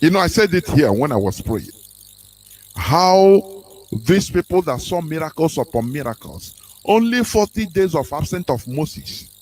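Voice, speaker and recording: Male radio host, high and lively, preaching style. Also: measured pace, a little hiss or hum, rough recording. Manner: animated, sermon-like, with fillers.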